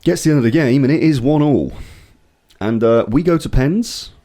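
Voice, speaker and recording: Lively, swearing man telling a story. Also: mid-range voice, moderate pace. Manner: animated storytelling, swears often, acts out voices in anecdotes. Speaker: podcast co-host. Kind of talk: casual chat.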